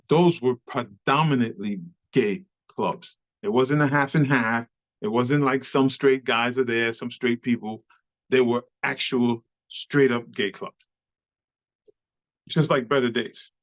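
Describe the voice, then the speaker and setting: A man, a club dancer telling stories as an interview guest, slangy and profane and acting out the people in them. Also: medium pitch. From New York City. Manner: animated storyteller, slangy and profane, acts out quoted people. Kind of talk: casual storytelling interview. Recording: slightly dull lo-fi recording.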